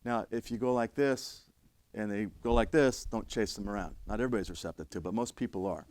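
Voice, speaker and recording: A man's voice: on the low side, brisk, a little mellow, dry recording. A man teaching firefighters, telling stories from calls in a conversational lecture style and often checking in with "right?". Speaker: firefighter instructor.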